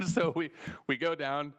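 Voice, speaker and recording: Profane, animated man telling stories. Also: a little high, slow. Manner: profane, animated storyteller who acts out quoted people. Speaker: podcast host. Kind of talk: casual storytelling chat.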